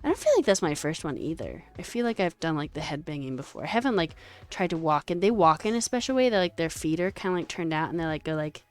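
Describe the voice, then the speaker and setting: A woman streamer chatting casually with her viewers while coding, animated and chatty, with lots of fillers and some swearing. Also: low voice, fast talker, faint music behind. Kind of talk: casual livestream chat with viewers.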